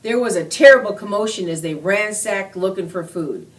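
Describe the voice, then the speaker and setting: A woman reading a children's book aloud in an earnest, expressive storytelling manner. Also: mid-range voice, moderate pace, slight background noise. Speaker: reader.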